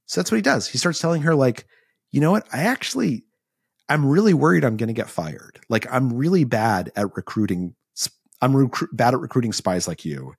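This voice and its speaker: A middle-aged man, an author guest, telling an animated story in a podcast interview, acting out quotes and using many fillers. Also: medium pitch, fairly quick, slightly rough, no room sound, studio quality.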